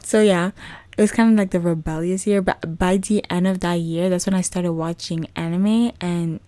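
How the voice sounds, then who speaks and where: A woman's voice: on the low side, fairly even intonation, normal speed, warm tone, dry recording. A young woman hosting a podcast, sharing a personal faith testimony in a chatty, rambling way full of fillers. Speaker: podcast host.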